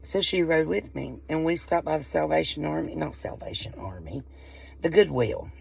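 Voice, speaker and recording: A woman's voice: low-pitched, expressive, normal speed, gravelly, husky. A woman with a Southern Appalachian accent who chats casually to the camera, rambling and folksy and often breaking off her own sentences. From Appalachian coal country, US. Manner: rambling, folksy, interrupts herself. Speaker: vlogger.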